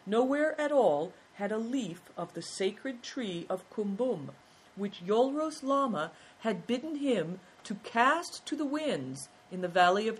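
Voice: medium pitch, breathy edge, voice pushed up. A reader voicing Mate, a hospitable older male nomad host who speaks in formal, flowery language, in a storybook reading.

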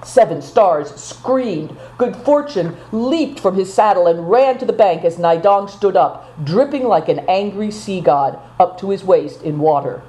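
A woman narrating a storybook, reading expressively at an even pace. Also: mid-range voice, measured pace, hardly any pauses, low-quality recording.

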